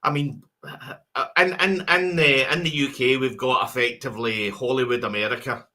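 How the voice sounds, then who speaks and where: A Scottish man chats loosely on a podcast, his voice very bright and cutting. He rambles, restarting sentences and repeating words before he lands a point. The tone stays casual and conversational. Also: medium pitch, fairly even intonation, moderate pace. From Scotland. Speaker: co-host.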